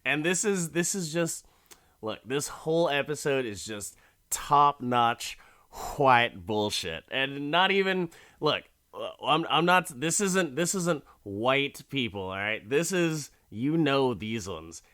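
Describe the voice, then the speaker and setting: A man's voice: medium pitch, big pitch swings, slow, bright, forceful tone, no echo. A man hosting a podcast, recapping an episode in a profane, joking, rambling way from his studio mic. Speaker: podcast host. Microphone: studio mic with headphones.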